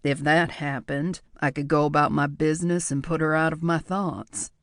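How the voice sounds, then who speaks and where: A man reading a first-person audiobook in a measured, reflective way. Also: a little high, flat delivery, a bit bright, no echo, studio quality. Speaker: audiobook narrator.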